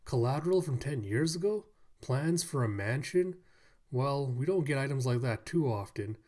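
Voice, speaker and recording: A man's voice: mid-range voice, expressive, normal speed, darkish tone, close to an everyday voice. A man doing an offhand pawnbroker.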